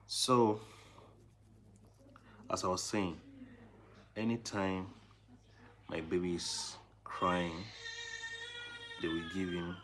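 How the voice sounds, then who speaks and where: A man, a new father chatting casually to his viewers and cooing softly to his baby at home. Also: low-pitched, steady tone, slow pace, long pauses, slight background noise. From Nigeria. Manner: soft and coaxing, cooing to a baby between chat. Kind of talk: casual live vlog.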